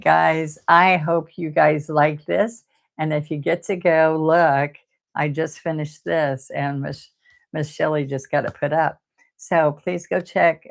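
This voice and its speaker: An older woman, hosting a live painting stream. She talks softly and close to tears, often repeating words as she chats to viewers. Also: low-pitched, creaky. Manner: soft-spoken, tearful, repeats words. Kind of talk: casual heartfelt chat to live viewers.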